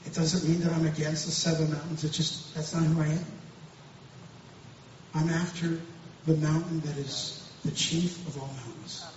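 A man's voice: a little high, darkish tone. A man speaking as a pastor, giving an earnest, emphatic personal testimony, often repeating himself and restarting. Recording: very echoey distant room, dull and noisy.

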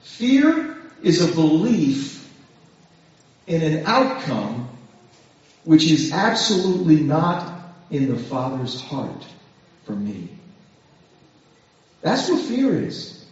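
Male preacher, high and animated voice, casual and conversational sermon, often turns to his listeners with "right?". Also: takes it slowly, long pauses. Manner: conversational, asks the listeners frequent "right?" questions. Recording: echoey room from far off, dull lo-fi.

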